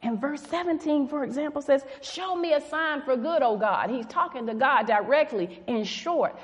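Woman preaching a sermon, kinda high voice, big echo off the hall walls, leans hard on the scripture bits. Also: expressive, moderate pace. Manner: emphatic, reads scripture aloud with rising stress. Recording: echoey hall with long reverb.

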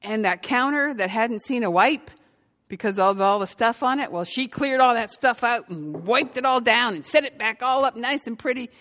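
A woman pastor giving a sermon and telling a story, growing lively as she recounts it. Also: on the high side, moderate pace, big-room sound. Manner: storytelling, lively when quoting.

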